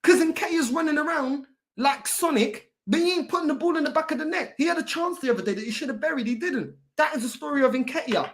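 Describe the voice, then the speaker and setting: A woman's voice: high voice, quick pace. A woman hosting a fan channel, ranting in exasperation and firing off rhetorical questions. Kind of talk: heated football fan talk.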